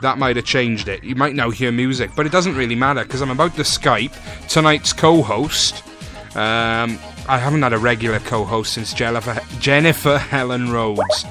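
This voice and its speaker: A man's voice: mid-range voice, moderate pace, music in the background. A man hosting a casual podcast, full of cheeky, teasing banter with his guest on a call. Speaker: podcast host.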